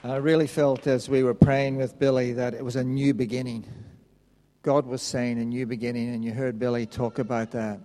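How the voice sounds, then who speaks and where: A man preaching a sermon, reading a Bible passage aloud in a slow, measured way. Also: medium pitch, level tone, dark tone. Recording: long reverb of a hall.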